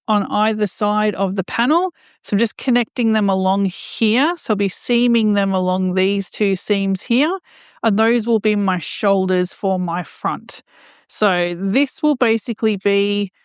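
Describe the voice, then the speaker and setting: A woman's voice: mid-range voice, clean tone, no room sound, clean studio sound. A woman crochet vlogger chatting casually as she explains each step of her project. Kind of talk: casual how-to narration.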